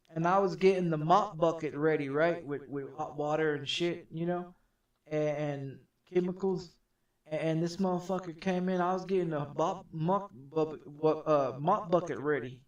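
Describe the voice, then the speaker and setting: A man streaming from his home gaming setup, telling a story in a rambling, profane, repetitive way that turns loud and heated. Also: sits high. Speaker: game streamer. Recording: echoey room, distant from the mic.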